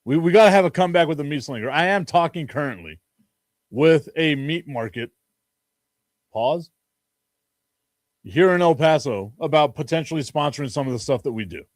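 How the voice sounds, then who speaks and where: A man hosts a casual sports talk stream, joking and rambling with lots of laughter. His voice sits a bit high for a man. The sound is dry and close, with no room echo. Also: lively intonation, moderate pace, long pauses. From Chicago. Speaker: sports talk show host.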